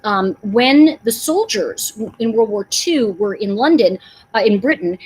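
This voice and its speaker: A woman's voice: on the high side, animated, measured pace, darkish tone, slightly rough, poor audio. A middle-aged woman hosting a casual livestream, talking emphatically and answering viewers in the chat. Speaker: livestream host.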